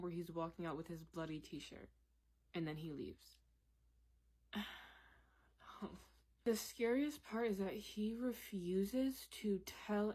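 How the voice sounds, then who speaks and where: Young woman, story time vlogger, somewhat low voice, candid and chatty. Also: darkish tone. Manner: candid, conversational, laughs while telling.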